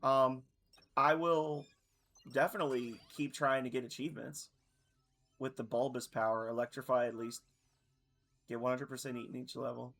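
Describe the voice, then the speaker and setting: A man in his thirties chatting casually on a stream, rambling and correcting himself, his voice a little hoarse. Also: medium pitch, fairly even intonation, normal speed, long pauses, a bit bright. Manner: rambling, loose, self-correcting. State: slightly hoarse.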